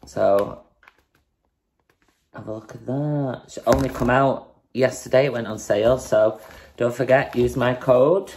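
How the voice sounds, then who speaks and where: Fitness vlogger, woman, laid-back unhurried delivery, casual swearing, faint background noise. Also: extremely low pitch, darkish tone. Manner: chatty and breezy, swears casually. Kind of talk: casual vlog, showing off products.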